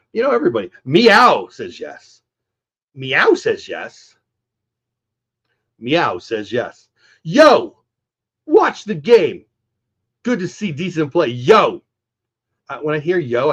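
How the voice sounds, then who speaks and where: A middle-aged man with a stuffy, congested voice hosts a casual post-game live stream, chatty and upbeat as he talks straight to his viewers. His voice is medium-pitched, and the recording sounds muffled.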